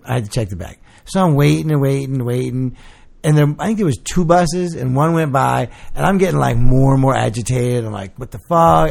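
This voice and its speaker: A man's voice: medium pitch, creaky, a little mellow. A man co-hosting a podcast, telling a story in a rambling, self-deprecating way with lots of swearing. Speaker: podcast co-host. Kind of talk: casual storytelling chat.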